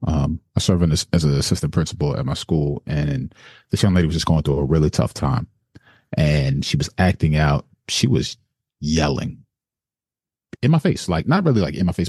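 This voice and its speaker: Man, very low voice, earnest, encouraging, dry close sound. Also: darkish tone, husky, no room sound. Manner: earnest, encouraging, speaks in lists. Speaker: assistant principal, podcast guest. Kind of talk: casual interview conversation.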